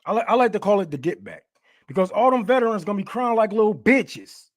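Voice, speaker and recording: High-voiced man ranting, profane and heated. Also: lively intonation, quick pace. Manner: stammering, laughing, heated. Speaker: podcast host.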